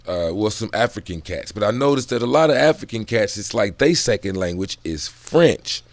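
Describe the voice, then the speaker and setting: A man's voice: lowish voice, animated, moderate pace, no room sound. A man in casual, profane book commentary, drifting off on tangents and laughing between thoughts. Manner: loose, profane, digressive talk.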